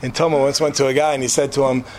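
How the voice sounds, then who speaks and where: A young man telling a joking personal story to a live audience in a room, animated, with restarts and asides. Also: mid-range voice, racing, a little hiss or hum.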